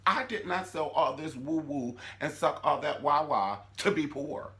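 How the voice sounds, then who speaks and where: A man voicing a brash, greedy grown woman who is fed up, with a loud, sassy, mocking delivery. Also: fairly high pitch, measured pace, pitched above the performer's own voice. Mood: indignant.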